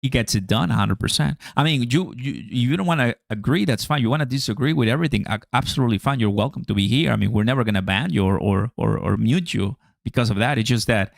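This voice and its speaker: A man's voice: medium pitch, fast, gravelly, hardly any pauses, no echo, clean studio sound. A man hosting a crypto livestream, chatting casually to viewers in a slangy way and laughing often.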